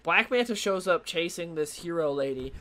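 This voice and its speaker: This young man's voice is a little high, bright and pushed, with lively intonation at a normal speed. Speaking into a desk microphone, he rambles loosely through a casual solo comic book review, full of fillers and restarts.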